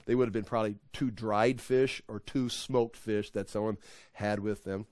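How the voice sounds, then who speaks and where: A man's voice: on the low side, steady tone, moderate pace, darkish tone, dry recording. Emphatic man teaching a Bible study. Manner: conversational, emphatic, with self-corrections.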